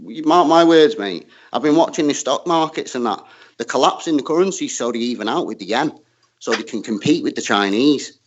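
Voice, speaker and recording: A man's voice: mid-range voice, expressive, brisk, muffled recording, slight background noise. A man arguing heatedly in a casual chat, tagging most sentences with "mate". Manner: argumentative, keeps adding "mate", heated. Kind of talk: heated argument.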